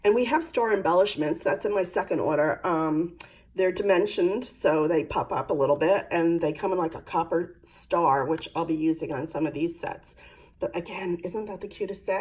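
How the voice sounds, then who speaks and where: Middle-aged woman, casual crafter demo; chatty and gushing, fairly low voice. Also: a little mellow, low-quality recording. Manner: chatty, gushing, thinks aloud while handling supplies. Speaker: craft product demonstrator. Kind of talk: casual product show-and-tell.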